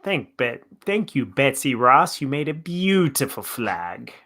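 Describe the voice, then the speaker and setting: A man's voice: medium pitch, sing-song, pushed and bright. A man co-hosting a comedy radio show, joking around and trading quips with the host. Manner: joking, quick with silly voices. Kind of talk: casual comedy radio banter.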